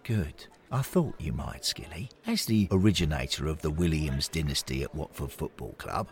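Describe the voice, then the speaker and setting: A man voicing a kindly older male ghost who speaks gently and evenly, close to his own voice. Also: a bass voice, sing-song, slight background noise, exaggerated voice. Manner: gentle, measured.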